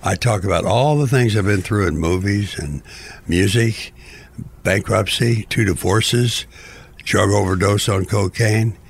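A man's voice: fairly low pitch, unhurried, creaky, slightly rough. An older man, a book author as guest, talking in a playful, theatrical, rambling way. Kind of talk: rambling interview talk.

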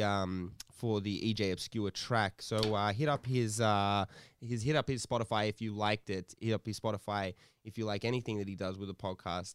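A man's voice: lowish voice, clean tone, no room sound, studio quality. A young man co-hosting a podcast, telling a rambling story with swearing and laughter. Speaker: podcast co-host. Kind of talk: casual podcast chat.

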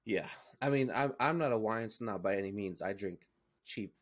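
A man's voice: lowish voice, moderate pace. Rambling man in casual podcast banter. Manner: hesitant, many fillers and restarts, defensive. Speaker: podcast co-host. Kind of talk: casual chat.

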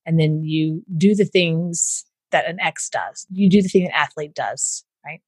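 Lively low-voiced woman. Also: a little slow, breathy edge, no room sound. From Southern United States. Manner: animated, acts out what others said, laughs often. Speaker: entrepreneur guest. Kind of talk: candid storytelling interview.

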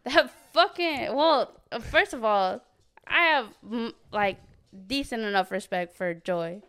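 A woman's voice: fairly high pitch, lively intonation, unhurried, fairly bright tone, clean tone. A young woman in her twenties on a podcast, telling a profane story in casual chat and acting out the quotes. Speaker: podcast co-host.

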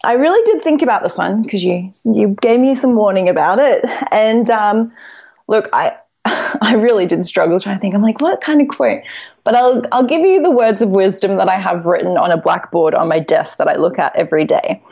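A woman's voice: medium pitch, moderate pace, vocal fry, highs cut off. A woman with an Australian accent, a food blogger guest chatting casually and encouragingly, often saying um and laughing. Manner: warm, encouraging, with frequent ums and laughs. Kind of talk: casual interview chat.

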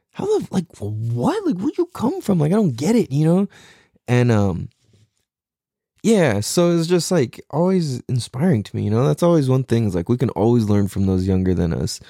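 A young man in a casual, profane, excitable monologue full of slang. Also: mid-range voice, vocal fry, no echo, studio quality.

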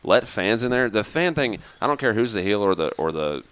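Man, very deep voice, smooth, casual podcast chat, rambling restarts. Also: big pitch swings, fairly quick, fairly bright tone. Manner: rambling, many restarts and trailing thoughts. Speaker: podcast co-host.

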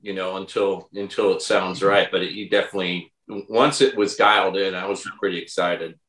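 Male guest musician, relaxed, halting, lowish voice, roomy echo. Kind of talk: casual interview. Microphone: video call.

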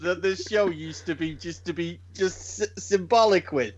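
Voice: medium pitch, moderate pace, few pauses, highs cut off. A podcast panelist making playful, teasing interjections in casual chat.

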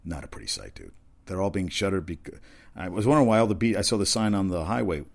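A man's voice: low voice, animated, fast talker, vocal fry. A man talks casually as a host. He rambles from one topic to the next, with restarts and asides along the way. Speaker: talk show host.

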